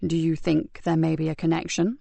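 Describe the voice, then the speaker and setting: A woman voicing a calm, thoughtful male detective sergeant in an audiobook, speaking in a measured way. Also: low-pitched, gravelly, no room sound, full character voice. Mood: pensive. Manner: measured and pensive. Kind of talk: audiobook character voice.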